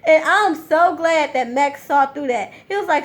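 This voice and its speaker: Woman recap host, high bright voice, sassy, blunt, swears freely, chatty commentary. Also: moderate pace, few pauses. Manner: sassy, blunt and profane, animated retelling. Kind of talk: casual reality TV recap commentary.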